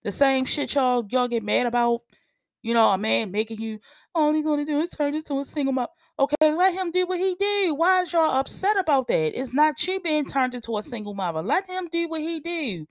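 Blunt, animated woman ranting solo. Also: high voice, a little fast, no echo, studio quality. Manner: blunt, profane, gets animated and loud. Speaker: podcast host. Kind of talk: casual opinion rant.

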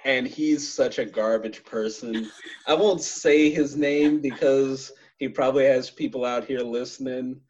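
A man hosting a podcast in easy casual chat, rambling along and laughing through his stories at a middling pitch. His audio is somewhat dull and lo-fi. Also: measured pace, a little mellow, slight background noise. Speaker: podcast host.

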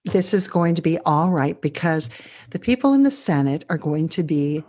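Breathy woman ranting on a podcast. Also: low-pitched, lively intonation, normal speed, darkish tone. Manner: emphatic, exasperated ranting. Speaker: podcast co-host. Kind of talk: casual political chat.

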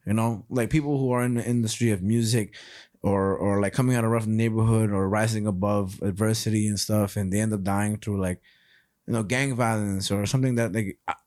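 A young podcast co-host with a fairly low voice talks briskly, spinning rambling, profane stories in a casual, animated way. The sound is clean studio quality with no echo.

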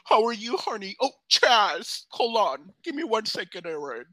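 A man's voice: high voice, sing-song, moderate pace, sharp tone, no echo, pitched above the performer's own voice, exaggerated voice, poor audio. A man doing a breezy older diva lady. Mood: doting diva. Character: glamorous older diva woman, breezy, doting. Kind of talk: impression in podcast banter.

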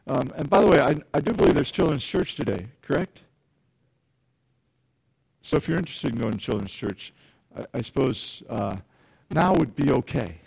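A man's voice: medium pitch, lively intonation, normal speed, vocal fry, pauses often, a little mellow, breathy edge, no room sound, poor audio. A male pastor giving a conversational sermon, often repeating words and putting questions to the congregation.

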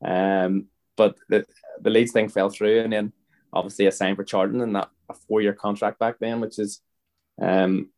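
This Northern Irish footballer guest, in his thirties, has a lowish voice with a darkish tone. In casual podcast talk he rambles through anecdotes, restarting often and asking the listener "you know what I mean".

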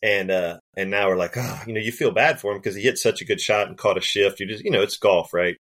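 Animated man telling golf stories. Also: fairly low pitch, fast talker. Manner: animated, laughs often, acts out quoted voices. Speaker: golf caddie and podcast guest. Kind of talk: casual storytelling.

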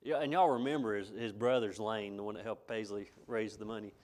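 A man's voice: on the low side, fairly even intonation, a little fast, darkish tone. Folksy man preaching. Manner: folksy, repeats himself, chuckles between points. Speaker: pastor. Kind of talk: sermon.

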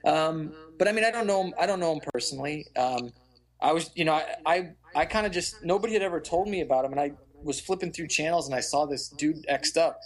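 A man's voice: on the high side, fast. A man in his thirties, a guest on a casual podcast interview, talking hesitantly with frequent stammered restarts. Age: 30s. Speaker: podcast guest, band guitarist.

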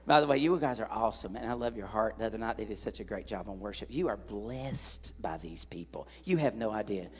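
Husky, folksy middle-aged evangelist man. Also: fairly low pitch, fast talker, hardly any pauses, long reverb tail. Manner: folksy, animated, jokes with the congregation. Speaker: evangelist preacher. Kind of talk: sermon with storytelling. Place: church.

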